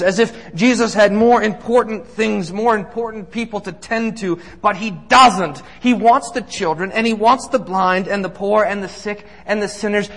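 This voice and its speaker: A man's voice: sits high, vocal fry, fairly bright tone. A man preaching as a pastor, earnest and emphatic, building points through repeated lists in a sermon. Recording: long reverb of a large hall.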